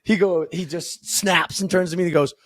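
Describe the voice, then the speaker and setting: A man co-hosting a casual hockey podcast, telling stories excitedly. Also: sits high, brisk, no room sound. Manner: excitable storyteller, swears casually. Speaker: podcast co-host.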